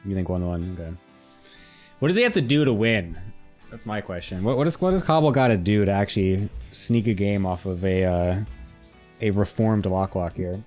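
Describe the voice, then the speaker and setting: A man's voice: fairly low pitch, lively intonation, moderate pace, darkish tone, faint music behind. A man hosting an esports stream, chatting casually and crudely with his co-casters. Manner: joking, crude, laughs often. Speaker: esports caster and show host. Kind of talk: casual pre-match chat.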